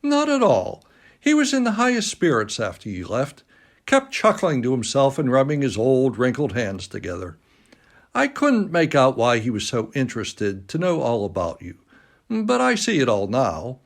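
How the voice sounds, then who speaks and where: A man's voice: mid-range voice, wildly swooping pitch, moderate pace. A man voicing a jovial male painter friend who teases in a hearty, upper-class way. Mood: amused.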